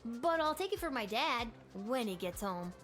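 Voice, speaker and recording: A chirpy kid guard. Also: female voice, fairly high pitch, big pitch swings, moderate pace. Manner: chirpy and wide-eyed. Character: cheerful twelve-year-old child city guard. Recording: game audio with faint music.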